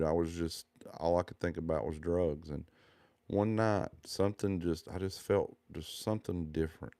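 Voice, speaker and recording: Very deep gravelly man. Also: mellow, no echo. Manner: earnest, heartfelt, rambling. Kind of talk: personal testimony.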